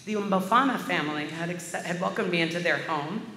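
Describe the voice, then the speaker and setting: A woman's voice: on the low side, fairly quick, a little hiss or hum. Woman preaching in an echoing sanctuary. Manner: warm storytelling, vivid personal anecdote. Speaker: minister. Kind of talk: storytelling sermon. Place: large church sanctuary. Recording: echoey hall with faint ambience.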